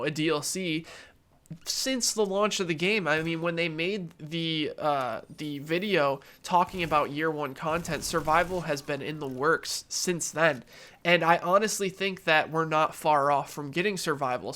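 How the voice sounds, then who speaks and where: A man's voice: a little high, moderate pace, a bit bright. A young man with a nasal, stuffed-up voice from allergies, giving his earnest opinion in a casual gaming vlog. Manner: earnest, opinionated, conversational with fillers. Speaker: gaming YouTuber.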